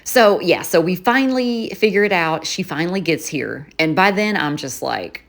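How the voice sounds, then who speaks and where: A chatty woman vlogger tells a rambling story in a casual way, filling it with little asides and "um"s. Her voice sits on the low side, but her pitch swings widely and expressively. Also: animated, moderate pace. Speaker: journaling vlogger.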